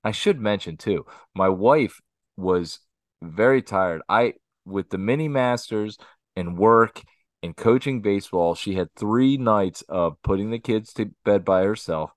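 A man co-hosting a podcast who tells family anecdotes in a casual, animated way. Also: lowish voice, unhurried, dry recording, studio quality. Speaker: podcast co-host. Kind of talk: casual storytelling chat.

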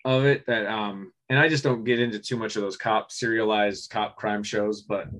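A man co-hosting a casual movie podcast, rambling with many restarts and frequent throat clearing. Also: fairly low pitch, steady tone, normal speed, a bit bright. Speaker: podcast co-host. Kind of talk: casual chat about movies.

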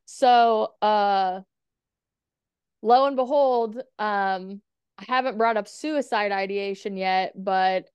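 A woman's voice: medium pitch, slow pace, darkish tone, clean tone, dry recording, highs cut off. A woman guest on a podcast, telling a personal story in a frank, casual way, with blunt swearing and lots of "like". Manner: frank, swears freely, many "like" fillers.

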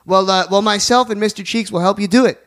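A man's voice: sits high, a bit bright. A man hosting a casual radio talk show, joking around and plugging sponsors. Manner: jokey, plugs sponsors, fast asides.

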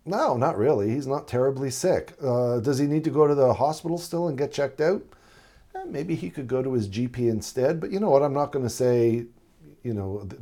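A man's voice: mid-range voice, mellow. A middle-aged man, a paramedic, giving a casual spoken lecture and acting out short patient conversations as examples. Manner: conversational, acts out patient dialogues. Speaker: paramedic instructor.

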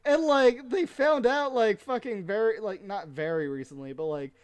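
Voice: medium pitch, moderate pace, smooth. A podcast co-host in casual chat, rambling with lots of "like" and swearing, often laughing mid-sentence. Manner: rambling, heavy use of "like" and swearing.

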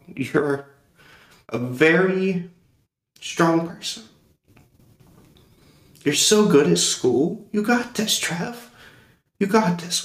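Gravelly, emotional young man. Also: high voice. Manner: emotional, halting, with pauses and restarts. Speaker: podcast host. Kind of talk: heartfelt personal monologue. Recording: roomy echo.

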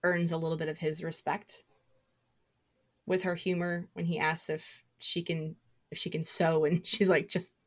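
Female co-host with a somewhat low voice; emphatic and playful, casual talk. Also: little pitch movement. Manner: emphatic, playful, quick to laugh. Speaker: podcast co-host. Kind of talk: casual fan discussion.

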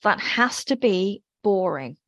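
A woman's voice: medium pitch, expressive, slow, dry recording, muffled recording. Chatty woman giving advice. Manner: chatty, emphatic, with tag questions. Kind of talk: casual podcast advice.

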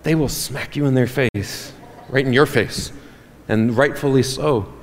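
A man preaching a sermon as pastor, animated and joking with the congregation. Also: mid-range voice, unhurried. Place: church hall. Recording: reverberant church hall.

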